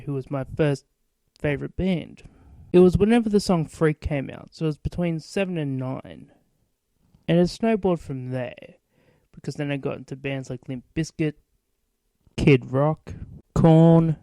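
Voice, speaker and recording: A man's voice: fairly high pitch, dark tone, clean tone, no room sound, rough recording. A man in his late twenties hosting a podcast, rambling through stories in a casual monologue full of swearing. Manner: profane, rambling storytelling. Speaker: podcast host.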